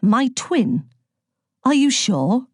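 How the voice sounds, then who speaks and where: A woman voicing a commanding male demon lord of death in a storybook, speaking forcefully and proclaiming. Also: sits high, very animated, very slow, breathy edge, no room sound, studio quality, voice pushed up, full character voice.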